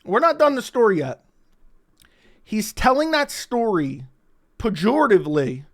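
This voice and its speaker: A man's voice: high voice, sing-song, unhurried, long pauses. A man giving sarcastic, profane reaction commentary on interview clips.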